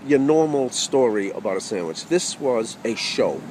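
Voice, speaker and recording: Animated man telling a funny story. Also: mid-range voice, normal speed, slight background noise, rough recording. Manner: animated, wry, audience-directed asides. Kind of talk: humorous personal storytelling.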